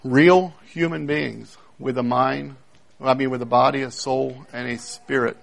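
A man preaching a sermon, emphatic, repeating key phrases and swinging between loud declarations and hushed moments. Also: mid-range voice, fairly even intonation, unhurried, vocal fry. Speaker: pastor.

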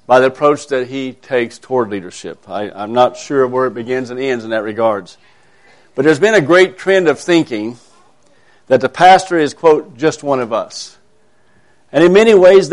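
Earnest minister man speaking to a congregation. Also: medium pitch. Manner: earnest, measured, with emphatic rises. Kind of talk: conversational sermon talk. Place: church service.

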